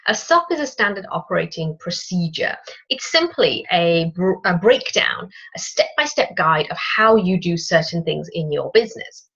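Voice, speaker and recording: Chatty husky woman podcast host. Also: lowish voice, moderate pace. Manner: chatty and lively, talks straight to the listener. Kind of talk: casual solo business talk. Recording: dull lo-fi recording.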